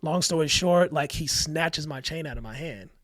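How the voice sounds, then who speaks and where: A man telling family stories on a podcast, animated and acting out the lines of the people he quotes. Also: a little high, normal speed, no echo, studio quality. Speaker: podcast guest. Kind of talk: casual storytelling chat.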